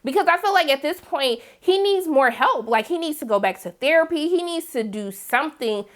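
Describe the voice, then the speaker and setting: High-voiced chatty woman recapping TV. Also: animated, moderate pace. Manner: chatty and opinionated, talks straight to viewers; breaks into acted quotes of characters. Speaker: TV recap reviewer. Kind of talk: casual TV episode recap.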